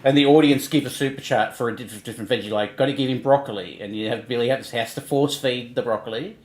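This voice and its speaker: A man's voice: medium pitch, quick pace, echoey room. A man hosting a livestream, casually ranting and mocking people in online drama, laughing between points. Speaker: livestream host.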